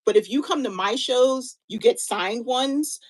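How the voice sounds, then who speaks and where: A woman's voice: a little high, measured pace, low-quality recording. A woman in her fifties co-hosting a live-stream sale, chatting in an encouraging, motivational way and often restarting her sentences. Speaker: live-stream seller and co-host.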